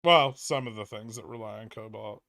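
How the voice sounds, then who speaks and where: A man's voice: fairly low pitch, moderate pace, gravelly, pushed and bright, no echo. A man hosting a trading livestream, reading viewer messages aloud and answering in a dry, offhand way. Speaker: livestream host. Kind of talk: casual chat reading viewer questions.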